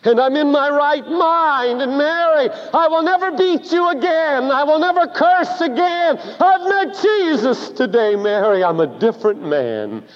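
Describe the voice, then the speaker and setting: A man's voice: very high voice, very animated, measured pace, hardly any pauses, slight background noise, voice pushed up, full character voice. A man acting out a repentant father pleading with his wife in an emotional voice. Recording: dull recording with long hall reverb.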